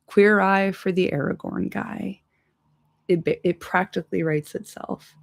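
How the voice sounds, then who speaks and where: A woman's voice: fairly low pitch, steady tone, unhurried, gravelly, no echo. A woman reading a fantasy book aloud, breaking off for irreverent jokes. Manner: irreverent joking asides. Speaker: podcast reader. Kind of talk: casual audiobook reading with asides.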